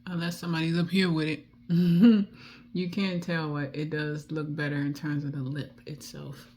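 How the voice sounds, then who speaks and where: A low-voiced beauty vlogger from Washington, D.C., speaking with a D.C. accent, chats casually while doing her makeup. She rambles, drifts off topic, and mutters soft asides as she applies lipstick, in a level, fairly quick tone with slight background noise.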